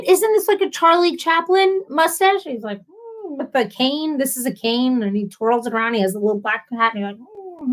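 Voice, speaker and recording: A woman's voice: fairly high pitch, fairly bright tone. A woman hosting a casual live stream, reading viewer comments aloud and answering them with sympathy and playful asides. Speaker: livestream host.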